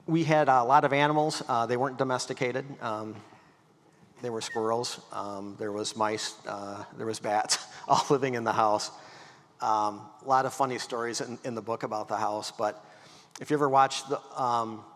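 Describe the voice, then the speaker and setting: A man's voice: medium pitch, moderate pace. Man telling stories in an echoing hall. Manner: folksy, animated storytelling, acts out quotes. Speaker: guest speaker. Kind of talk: storytelling talk. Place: event hall. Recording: long hall reverb.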